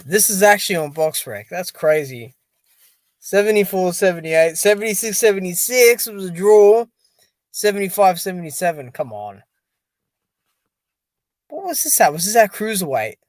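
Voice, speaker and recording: A tired, sleepy man chatting casually on a live stream, reacting out loud and reading viewer comments. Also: high voice, lively intonation, normal speed, pauses often, no room sound. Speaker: boxing stream host.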